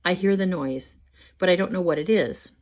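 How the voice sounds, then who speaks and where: An older woman reading her own first-person story aloud at home, measured and expressive. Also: on the low side. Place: home, with a pet dog nearby.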